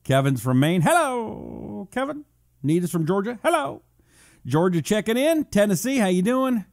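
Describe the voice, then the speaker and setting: A man hosting a live talk show, reading out viewer check-ins between quick jokes and asides. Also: sits high, darkish tone. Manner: jokey, breezy, quick asides. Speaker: radio talk show host.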